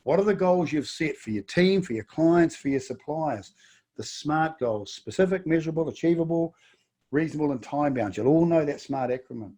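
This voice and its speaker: Kiwi-accented middle-aged bloke coaching business owners in a webinar, a bit high-ish but mellow tone, pushy rhetorical questions. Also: male voice, animated, moderate pace. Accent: New Zealand. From New Zealand. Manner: emphatic, repeats words and fires off rhetorical questions. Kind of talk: webinar presentation.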